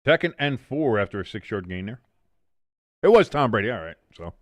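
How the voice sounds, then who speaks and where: A man's voice: lowish voice, sing-song, brisk, no echo, muffled recording. A young man hosting a casual live watch-along of a football game, rambling, self-mocking and swearing freely as he calls plays.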